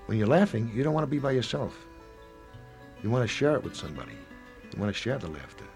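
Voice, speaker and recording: A man in his seventies speaking in an interview, rambling and halting, often acting out little snatches of dialogue. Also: medium pitch, huge pitch swings, vocal fry, a little mellow, soft background music. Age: 70s. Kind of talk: reflective interview talk.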